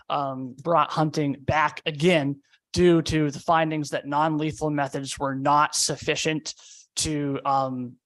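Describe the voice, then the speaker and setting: A man, a deputy commissioner, answering questions at a public hearing with lots of fillers. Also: a little high. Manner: hesitant, many fillers.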